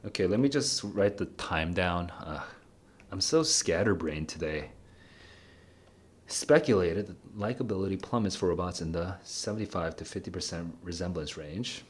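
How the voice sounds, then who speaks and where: A man's voice: low voice, moderate pace, breathy edge. A young man solving test questions aloud as a tutor streamer, laughing often, muttering as he reads and exclaiming "dude".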